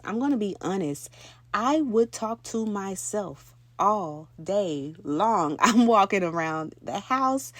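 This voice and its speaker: A woman's voice: mid-range voice, dry recording. Chatty woman coaching, dry close sound. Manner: chatty, keeps asking "right, ladies?". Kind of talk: talking-head tips video.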